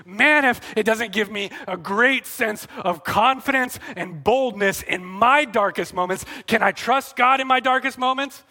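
A man preaching a sermon, earnest and animated, acting out quoted lines and then dropping to soft, intimate tones. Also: sits high, a little slow, few pauses. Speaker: pastor.

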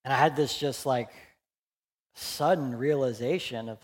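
A man in his forties, a pastor preaching a candid, conversational sermon that swings between loud emphasis and hushed, quiet moments. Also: mid-range voice, measured pace. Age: 40s.

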